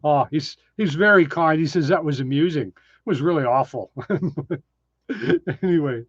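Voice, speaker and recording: A man's voice: a little high, a little slow, a bit bright, no echo, highs cut off. A man hosting a casual live stream from his cabin, chatting and answering viewer comments with lots of ums. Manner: chatty, reads viewer names, frequent ums. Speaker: live-stream host reading chat. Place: tiny desert cabin, indoors.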